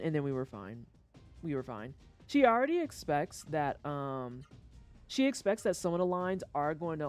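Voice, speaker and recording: A streamer riffing over a game session with a lively, swooping voice that jumps into high yelps when something annoys them. Mid-pitched, crude and joking, with casual stories told between moves. Faint game music sits quietly behind. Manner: animated, profane and joking, with sudden high-pitched outbursts; chatty storytelling aside while playing. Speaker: livestreamer playing a video game. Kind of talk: casual gameplay commentary.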